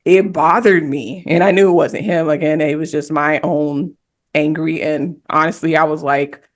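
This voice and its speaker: A woman's voice: sits low, fairly even intonation, normal speed. Woman, podcast panelist, casual talk, candid, reflective storytelling.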